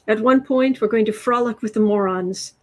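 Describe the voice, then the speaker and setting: A chatty woman hosts a tarot livestream with a slightly high voice. She rambles casually, reads out viewer names and thanks them between stories. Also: moderate pace, darkish tone, low-quality recording. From United States.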